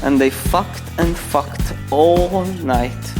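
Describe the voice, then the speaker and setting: A man's voice: a little high, lively intonation, a little slow, long pauses, soft background music. A young man reading a crude comic story aloud, breaking off for mocking asides to the listener. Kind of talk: mock bedtime story reading.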